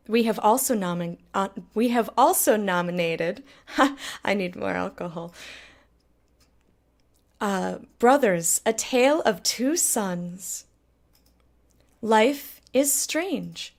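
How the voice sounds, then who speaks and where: A woman streamer presenting a mock awards show in a hammy, theatrical way, teasing her co-host. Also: mid-range voice.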